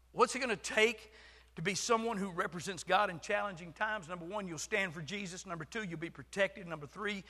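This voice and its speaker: A man preaching a sermon as pastor, swinging from shouting to hushed whispers. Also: high-pitched, creaky. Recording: long hall reverb.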